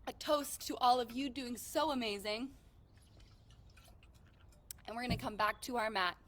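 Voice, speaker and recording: Upbeat young woman fitness instructor with a high, bright-pitched voice, a little winded, cheering the class on. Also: a little slow, a little hiss or hum. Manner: upbeat, encouraging, counts reps aloud. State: out of breath. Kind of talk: live workout coaching.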